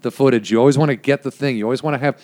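A man's voice: medium pitch, fairly even intonation, rapid-fire, darkish tone. A man, a former producer, telling rambling behind-the-scenes stories in a casual chat, full of "like" and swearing. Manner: rambling, many "like" fillers, frequent swearing. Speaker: guest, former prank show producer.

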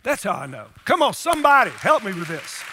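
A pastor preaching a sermon with emphasis, often asking the congregation rhetorical questions. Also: male voice, high voice, very animated, a little fast, big-room sound, crowd noise, background noise.

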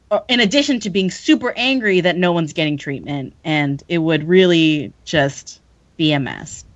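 A woman's voice: fairly low pitch, dry recording, dull audio. A woman co-hosting a podcast, casually recapping book chapters and laughing often. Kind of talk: casual chat.

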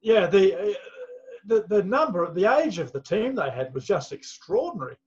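A man co-hosting a podcast, giving thoughtful, measured comments. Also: sits high, big pitch swings, darkish tone. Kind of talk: casual podcast chat. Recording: dull lo-fi mic.

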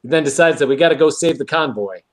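A man's voice: on the high side, fast talker. A man co-hosting a podcast, casually recapping an episode and acting out quoted lines. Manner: animated retelling with quoted lines. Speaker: podcast co-host.

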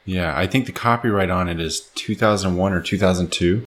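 Deep voiced guy cohosting a podcast, chatty and upbeat, laughs a lot. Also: a little fast, a bit bright. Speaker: podcast co-host. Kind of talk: casual podcast chat.

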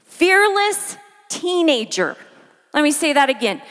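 Woman preacher, slow and emphatic, repeats for effect; reverberant hall sound. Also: high-pitched, big pitch swings, a bit bright. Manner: dramatic pauses and repetition for emphasis. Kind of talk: sermon.

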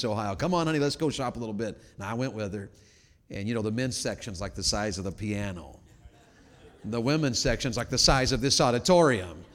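Folksy preacher in a big echoing hall. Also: male voice, fairly low pitch. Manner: folksy, swings from quiet storytelling to loud shouting. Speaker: traveling revival preacher. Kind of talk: sermon with storytelling. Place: large church auditorium. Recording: long hall reverb.

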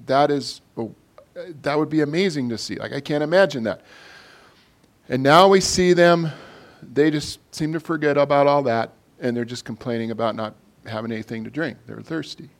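A man preaching a casual sermon to a congregation, talking in a loose, conversational way full of fillers and restarts. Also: mid-range voice.

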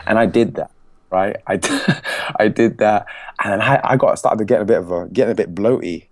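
A young man from England tells his story with an English accent on a podcast. His voice sits a bit low, but he talks with animation, laughs often and drops into other people's voices when he quotes them. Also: normal speed. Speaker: podcast guest, speaking coach. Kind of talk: casual storytelling.

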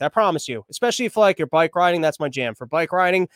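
A man's voice: fairly high pitch, expressive, fast talker, a bit bright, no echo, clean studio sound. A man hosting a podcast, riffing on the news in a crude, irreverent, rambling way. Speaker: podcast host. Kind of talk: comedic news commentary.

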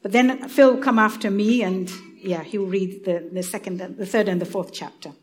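A woman with an East African accent reads scripture and prays in a church. Her delivery is gentle and unhurried, with the occasional small restart. Her pitch sits in the middle of the range. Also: steady tone, soft background music. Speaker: church reader leading prayer. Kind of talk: prayer and Bible reading.

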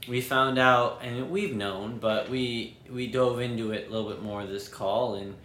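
A man's voice: mid-range voice, steady tone, a little slow, fairly bright tone, reverberant, slight background noise. A man co-hosting a casual podcast, laid-back and matter-of-fact when he explains things. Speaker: podcast co-host.

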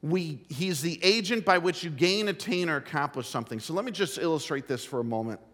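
A middle-aged man preaching a sermon as pastor, telling a folksy story with emphatic, drawn-out phrasing. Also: fairly high pitch, animated, fairly bright tone. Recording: long hall reverb.

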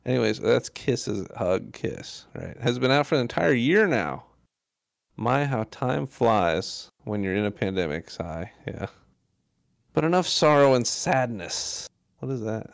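Man, podcast co-host, lively swooping pitch, gravelly edge, playful rambling. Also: unhurried, no room sound, studio quality. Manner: playful, animated, often trails off and restarts. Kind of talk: casual chat.

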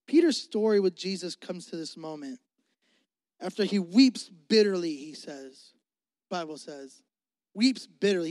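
Young male pastor, high voice, dry close sound, casual preaching. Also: no echo. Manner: conversational preaching, acts out dialogue. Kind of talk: sermon.

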